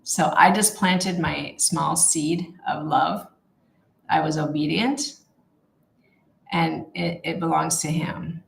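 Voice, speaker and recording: A woman leading a casual Bible study, talking in a heartfelt, halting way with many fillers and restarts. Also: deep voice, steady tone, creaky, echoey room, rough recording.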